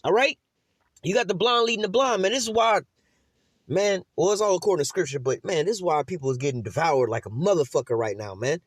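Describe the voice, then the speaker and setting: A man's voice: high voice, fast talker, no room sound. A man doing profane, preachy commentary over a video, swearing constantly and asking "all right?".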